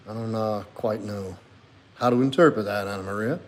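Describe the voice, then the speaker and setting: A man's voice: fairly low pitch, moderate pace. A man hosting a casual livestream as a men's coach, reading viewer comments aloud and reflecting on them earnestly.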